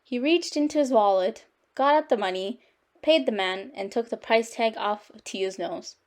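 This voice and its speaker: A woman reading a picture book aloud to children at storytime, with lively, expressive storytelling. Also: on the high side, normal speed. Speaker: storytime reader.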